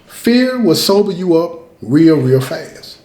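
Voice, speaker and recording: A man's voice: fairly high pitch, very animated, slow pace, darkish tone, roomy sound. A man hosting his own show, telling a story in a casual, emphatic way, repeating points and talking straight to his listeners. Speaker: host, storyteller.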